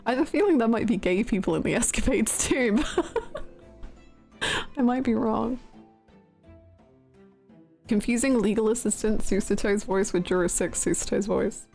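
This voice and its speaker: A woman's voice: fairly high pitch, moderate pace, gravelly, long pauses, darkish tone, soft background music. A woman streamer chatting casually with her live viewers, giggly and chatty.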